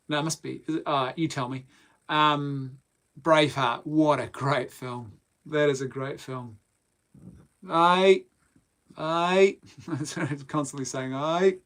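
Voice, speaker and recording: A man's voice: a little high, a bit bright. Chatty man hosting a live show. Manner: chatty, laughs often, rambling asides. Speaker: podcast host reading live chat. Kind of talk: casual live-stream chat.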